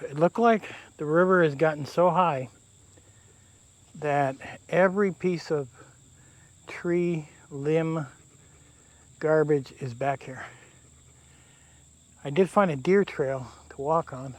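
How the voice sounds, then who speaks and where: A man vlogging casually to camera while camping in damp woods by a river, talking in an easygoing, rambling way. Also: a little high. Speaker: outdoor vlogger. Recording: faint outdoor insect noise. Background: crickets and insects.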